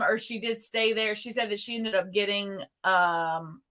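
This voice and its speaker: A woman's voice: mid-range voice, fairly bright tone. A woman guest in a gossip chat, blunt and teasing, often cutting in. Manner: blunt, teasing, quick to interject.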